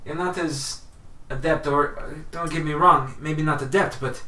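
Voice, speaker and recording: A game master voicing a friendly, generous male gnome traveler who chats warmly with the party, halting with fillers. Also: medium pitch, steady tone. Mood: gentle. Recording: echoey room, mic at a distance.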